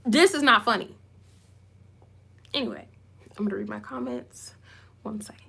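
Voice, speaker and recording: Bright, emphatic woman YouTuber. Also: fairly high pitch, normal speed, gravelly, breathy edge. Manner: emphatic, animated, repeats for emphasis; self-described goofy. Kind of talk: live commentary reading comments.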